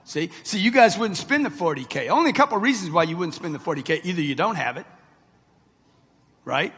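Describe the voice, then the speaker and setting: A brash, punchy motivational speaker in his sixties talks straight at his audience in a large event hall, where the long reverb of the big space hangs on his words. His voice sits high and is fairly quick and fairly bright, with lively intonation and a breathy edge.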